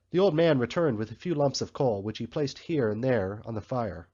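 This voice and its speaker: A man narrating an audiobook in a measured, even storytelling manner. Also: medium pitch, husky. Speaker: audiobook reader. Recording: slightly muffled recording.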